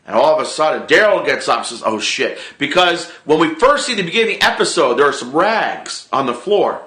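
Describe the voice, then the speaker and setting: A man casually recapping a TV episode, animated and swearing freely, re-enacting his own reactions. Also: a little high, fast talker. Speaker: TV show reviewer. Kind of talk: casual excited recap vlog. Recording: echoey room.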